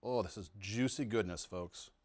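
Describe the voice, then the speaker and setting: A man's voice: on the low side, moderate pace, a little mellow. Home cook host, middle-aged man, enthusiastic and chatty in his kitchen, savoring the food aloud. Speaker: home cooking show host. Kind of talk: casual cooking demonstration.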